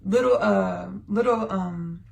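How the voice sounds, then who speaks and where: A woman with a mid-range voice and a gravelly, fry-laced texture hosts a spiritual podcast. She speaks slowly and meditatively, drawing out her words. She moves between a channeled monologue and personal sharing. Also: mid-range voice, darkish tone, lo-fi sound. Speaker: podcast host.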